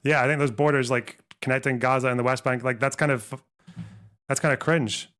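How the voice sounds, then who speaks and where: A man's voice: mid-range voice, fairly even intonation, fairly quick, a bit bright, clear, resonant tone. Sarcastic, profane male streamer. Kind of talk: live stream reaction commentary.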